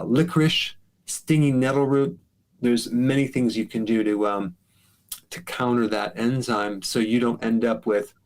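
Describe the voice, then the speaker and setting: Middle-aged guy giving health tips on a live q&a, laid back, lots of ums. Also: mid-range voice. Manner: relaxed, explanatory, filler-heavy. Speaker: health show host answering callers. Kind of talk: casual live Q&A advice.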